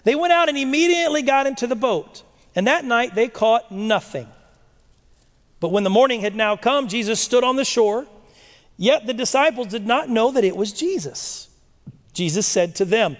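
Animated high-voiced male preacher in a hall. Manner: animated, rhetorical questions, dramatic slow readings. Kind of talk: sermon reading and explaining scripture. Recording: long echo of a large hall.

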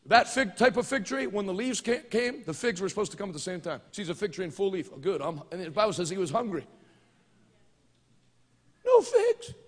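A man preaching a fervent sermon, moving between quiet storytelling and loud, rousing declarations. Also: high voice, fast, hardly any pauses. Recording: church hall reverb.

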